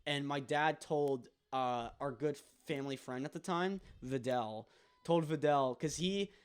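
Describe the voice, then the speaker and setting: A man's voice: medium pitch, measured pace, clear, resonant tone. A young man co-hosting a podcast, telling a long story in casual chat, full of ums and likes. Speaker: podcast co-host.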